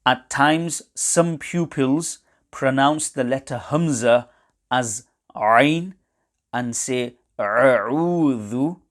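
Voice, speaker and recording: A man teaching correct recitation, explaining pronunciation errors in a measured, precise way. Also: mid-range voice. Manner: measured and precise, pausing between phrases. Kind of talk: slow, deliberate instructional explanation.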